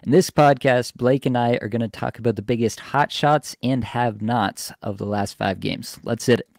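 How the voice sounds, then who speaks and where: A man hosting a casual podcast, talking in a relaxed, chatty way with lots of fillers. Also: mid-range voice, normal speed, vocal fry. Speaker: podcast host. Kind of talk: casual fantasy hockey podcast chat.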